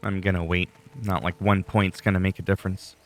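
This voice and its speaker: Male gamer, lowish voice, laid-back rambling commentary with dry sarcasm. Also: flat delivery, a little fast, soft background music. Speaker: gameplay commentator. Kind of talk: casual gameplay commentary.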